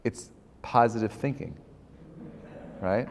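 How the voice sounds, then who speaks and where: A man's voice: on the low side, slow pace, creaky, a little hiss or hum. A man, a rabbi, giving an informal class and telling stories in a conversational way, often tagging his points with "right?" and "okay?". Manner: conversational, many fillers and tag questions. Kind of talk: informal lecture with storytelling. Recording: long hall reverb.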